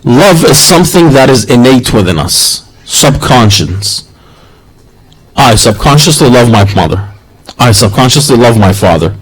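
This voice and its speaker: A man's voice: medium pitch, rough recording. A man preaching a sermon in an earnest, rhythmic way that repeats its phrases.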